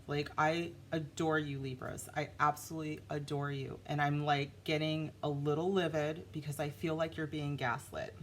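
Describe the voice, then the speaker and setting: A woman giving a casual, animated tarot reading, talking straight to her viewers. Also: low-pitched, moderate pace, few pauses, slight background noise. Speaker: tarot reader.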